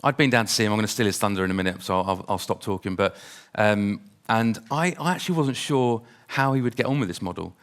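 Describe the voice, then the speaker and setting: Smooth-voiced upbeat male conference host. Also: lowish voice, fast, hardly any pauses. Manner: upbeat, chatty hype-man delivery. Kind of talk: stage introduction. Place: conference stage.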